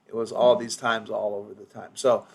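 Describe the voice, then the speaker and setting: A man's voice: on the low side, little pitch movement, normal speed, gravelly, soft background music. Rambling man coaching office staff. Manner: rambling, with many restarts and acted-out patient quotes. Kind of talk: informal training session.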